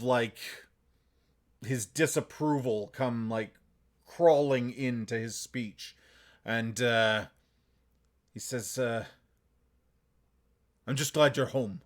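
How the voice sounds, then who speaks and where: A man narrating a tabletop game as game master, halting and full of fillers. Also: medium pitch.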